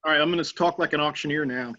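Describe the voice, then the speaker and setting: A man's voice: fairly high pitch, rapid-fire, pushed and bright, dry recording, muffled recording. A middle-aged man making an earnest, persuasive public comment at a town council meeting, talking conversationally with fillers.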